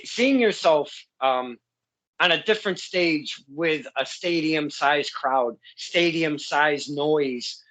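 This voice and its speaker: A man's voice: fairly high pitch, pushed and bright, rough recording. A man hosting a casual interview, effusive and heartfelt, rambling with many restarts. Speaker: podcast host.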